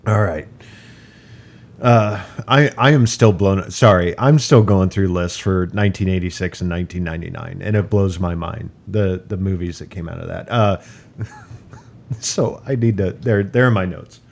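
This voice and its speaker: A man's voice: sits low, moderate pace, vocal fry, darkish tone. A man hosting a casual podcast, jokey and often laughing. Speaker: podcast host.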